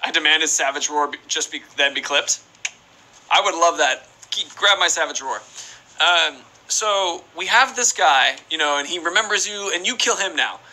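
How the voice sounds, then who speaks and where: Speaking at normal speed in a sharp, somewhat high voice, a young man chats while playing a game on a live stream. The recording is low quality, and he wanders playfully between topics as he reads out chat questions.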